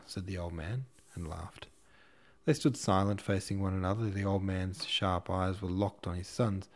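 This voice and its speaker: A man narrating an audiobook in a steady, measured reading style. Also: deep voice, creaky. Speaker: audiobook narrator and podcast host.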